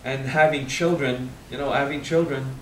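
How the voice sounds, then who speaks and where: A man in his thirties with a French accent, speaking at a spiritual seminar, frank and animated, swearing casually and drawing out key words. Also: mid-range voice, moderate pace, echoey room, distant mic, slight background noise, rough recording. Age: 30s. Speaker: spiritual teacher. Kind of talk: seminar talk.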